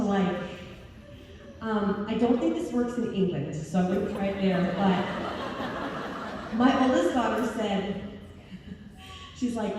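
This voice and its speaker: A woman's voice: mid-range voice, takes it slowly, long pauses, darkish tone, far from the mic, a little hiss or hum. Chatty woman speaking in an echoey hall. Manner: chatty, self-deprecating, laughs often. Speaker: convention speaker. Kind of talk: humorous talk to homeschool parents. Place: large convention hall.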